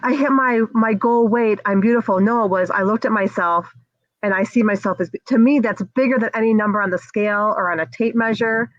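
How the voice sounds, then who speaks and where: A woman's voice: medium pitch, no echo. Chatty woman host, dull dry sound. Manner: supportive, quick, chatty, with fillers. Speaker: podcast host. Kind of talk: casual interview chat.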